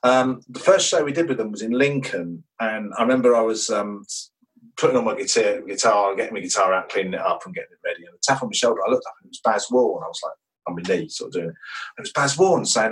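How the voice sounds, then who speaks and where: A man's voice: on the low side, fast talker, fairly bright tone, far from the mic, rough recording. Enthusiastic man telling stories. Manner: enthusiastic, rambling anecdotes. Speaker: musician guest. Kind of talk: radio interview chat.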